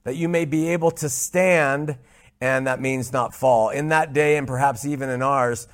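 A man teaching a Bible study, speaking emphatically, repeating key points and slowing down to stress scripture. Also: mid-range voice, steady tone.

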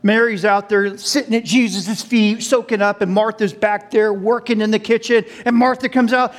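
A man's voice: high voice, moderate pace, few pauses. A man preaching a sermon as a pastor, telling the story animatedly and speaking straight to the congregation. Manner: animated storytelling, acting out quoted voices; addresses the congregation directly.

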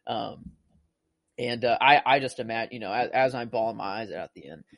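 A man's voice: medium pitch, a little fast, creaky, fairly bright tone, no room sound. A man chatting casually about a movie, rambling and gushing, full of filler words and restarts. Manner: emotional, gushing about the film.

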